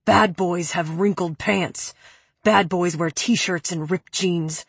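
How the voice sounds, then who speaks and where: A woman reading aloud, voicing a tormented young man who yells and swears in anguish, raspy from shouting. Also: fairly low pitch, fairly even intonation, slow pace, no echo, heavily acted. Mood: anguished rage. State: raspy from yelling.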